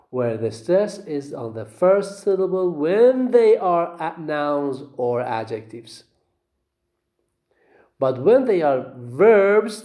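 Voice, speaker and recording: A man teaching phonetics in a recorded lecture, explaining slowly and repeating himself, often checking in with "okay?". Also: fairly high pitch, warm tone, reverberant. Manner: slow, repetitive explaining with frequent "okay?" checks.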